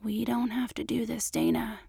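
A woman doing a whispering hushed man. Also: a little high, normal speed, creaky, breathy edge, no room sound, studio quality, full character voice. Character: tender, hesitant adult man, lover.

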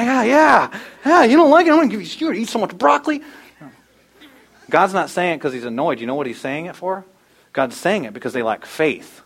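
A man preaching a sermon, animated, acting out quoted voices in loud, high bursts. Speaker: pastor.

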